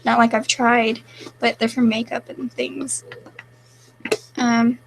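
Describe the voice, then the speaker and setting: A woman's voice: a little high, level tone, slow, creaky, noisy background. A young woman casually chatting on a live stream, reading viewer questions aloud and answering them offhandedly.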